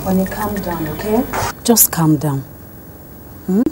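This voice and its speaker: A woman's voice: mid-range voice, expressive, moderate pace, over loud music, close to an everyday voice, poor audio. An actress playing a middle-aged mother who soothes her daughter and huffs proudly about the groom's family, in a film drama. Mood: soothing. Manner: soothing, then proud and huffy.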